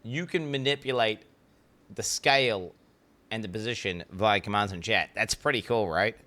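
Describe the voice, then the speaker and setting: Brief: young male game streamer, bright edgy tone, excitable ranting chat with viewers, curses freely. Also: fairly low pitch, moderate pace. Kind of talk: casual live-stream chat.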